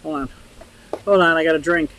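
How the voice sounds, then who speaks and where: A chatty older woman hosts a relaxed live stream outdoors beside a pond. Her voice is bright and lively, and she laughs easily as she rambles and reads out comments from viewers. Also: low voice, a little fast, slight background noise, poor audio. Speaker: livestream host. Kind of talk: casual live chat.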